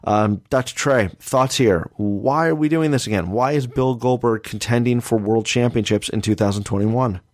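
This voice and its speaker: A man's voice: mid-range voice, normal speed, few pauses, no echo, clean studio sound. A man co-hosting a wrestling podcast, giving strong opinions in a casual chat and firing off exasperated rhetorical questions. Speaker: podcast co-host.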